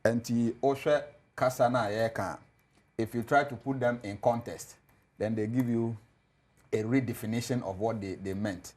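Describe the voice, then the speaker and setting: A man with a Ghanaian accent argues his side on a televised political panel. He pushes back hard and laughs off the claims of the other side, with a voice of middling pitch. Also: steady tone, moderate pace, a little mellow. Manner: combative, laughs at opponents' claims. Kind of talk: political debate on TV, mixing Twi and English.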